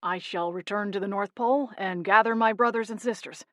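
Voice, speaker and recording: A woman's voice: medium pitch, a little fast, a bit bright, no echo, clean studio sound, lightly acted. A woman voicing a small, loyal male gnome who speaks indignantly and earnestly. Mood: worried.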